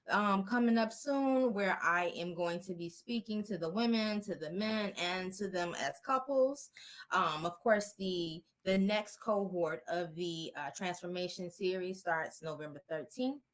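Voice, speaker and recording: A woman's voice: fairly low pitch, measured pace, fairly bright tone. A woman relationship therapist answering interview questions in an earnest, encouraging, direct way.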